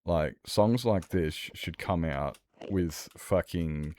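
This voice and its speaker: A man's voice: sits low, takes it slowly, darkish tone. A young man streaming, talking candidly in a rambling, sweary, casual way. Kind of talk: casual livestream chat.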